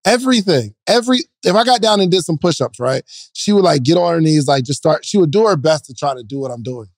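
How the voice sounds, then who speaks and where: A man co-hosts a podcast in a fairly high voice. He tells loose, rambling stories full of "like". The sound is dry, with no room echo. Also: animated, quick pace. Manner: loose anecdotal storytelling with filler "like". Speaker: podcast co-host. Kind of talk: casual podcast chat.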